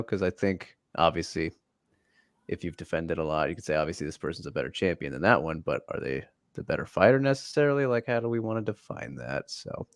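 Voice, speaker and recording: A man co-hosting a casual watch-along stream talks through a question, thinking aloud and weighing both sides. His voice sits low. The recording is dry and close, with no room echo. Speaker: livestream co-host and martial arts commentator. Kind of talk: casual analytical chat.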